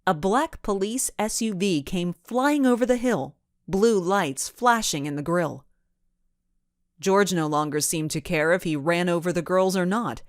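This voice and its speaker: Slow, expressive woman audiobook narrator. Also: fairly low pitch, no echo, clean studio sound. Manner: expressive storytelling. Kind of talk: scripted children's audiobook narration.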